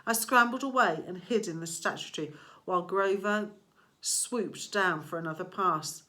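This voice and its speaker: A woman narrating a story aloud in a slow, deliberate reading voice. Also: fairly low pitch, bright, forceful tone. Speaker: audiobook reader. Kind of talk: scripted narration.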